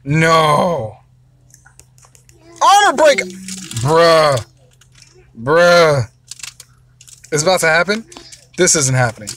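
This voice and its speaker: A father giving gameplay commentary, excitable, wailing and shouting whenever a battle goes badly. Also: on the high side, drawn-out words, long pauses. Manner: excitable, wails and shouts over losses. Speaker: father, mobile gamer.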